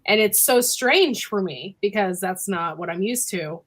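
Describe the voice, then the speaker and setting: A woman from the United States in a casual group chat, talking in an animated way and laughing often. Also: medium pitch, a little slow.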